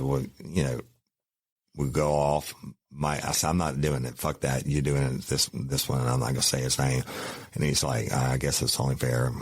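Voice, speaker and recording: A man's voice: a bass voice, no room sound, clean studio sound. A middle-aged man, a former cop hosting a podcast, telling a profane, folksy story and calling listeners y'all. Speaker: podcast host, former police officer. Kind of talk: casual storytelling.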